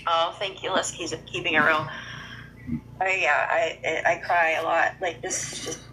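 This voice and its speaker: A woman's voice: low voice, steady tone, normal speed, sharp tone, a little hiss or hum, low-quality recording. A woman hosting a true-crime livestream in a casual, chatty way, greeting viewers by name and reading news articles aloud with her own comments.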